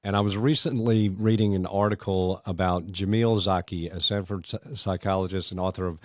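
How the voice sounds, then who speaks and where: A man hosting a podcast, setting up a question in a measured, conversational way. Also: deep voice, fairly even intonation, dry recording, clean studio sound. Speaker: podcast host. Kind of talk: interview questions.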